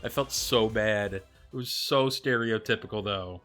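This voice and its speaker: Bright, chatty male streamer. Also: on the low side, unhurried, faint music behind. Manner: chatty, thinks aloud, reads out and answers chat. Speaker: live streamer. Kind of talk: casual chat with viewers while gaming.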